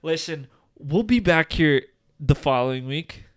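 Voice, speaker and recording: A man in his twenties co-hosting a casual podcast, rambling with lots of fillers and animated tangents. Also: fairly high pitch, a little slow, crowd noise. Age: 20s. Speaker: podcast co-host.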